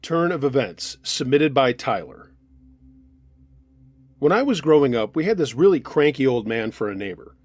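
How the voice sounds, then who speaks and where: Here a man with a medium-pitched voice delivers listener-submitted true scary stories at a moderate pace, narrating them in the first person in an even storytelling style.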